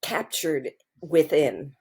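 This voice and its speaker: A middle-aged woman co-hosting a podcast, talking casually and telling stories in a slow, thoughtful way. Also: deep voice, animated, dark tone, slightly rough. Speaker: podcast co-host. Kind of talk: casual conversation.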